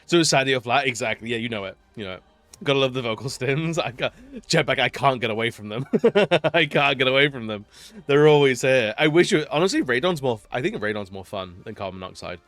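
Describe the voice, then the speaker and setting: A man's voice: mid-range voice, lively intonation, fast talker, fairly bright tone, soft background music. A man chatting casually during a live stream, rambling and laughing often between remarks. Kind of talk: casual live-stream chat while gaming.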